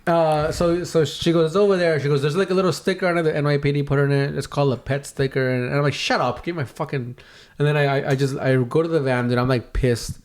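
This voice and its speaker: A young man with a fairly high voice co-hosts a casual podcast. He tells a story in an animated way, swears freely and jumps in and out of the voices of the people in it. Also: fast, hardly any pauses. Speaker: podcast co-host.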